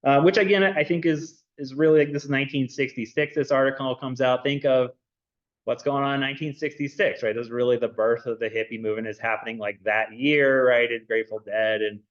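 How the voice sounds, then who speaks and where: A man lecturing a class in a relaxed, chatty way, checking in with the room over and over and leaning on fillers between points. His voice sits at an ordinary middle pitch. The recording is dull and roomy, like a classroom captured from a distance. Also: fairly quick. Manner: casual and chatty, many fillers and "right?" checks. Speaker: anthropology lecturer.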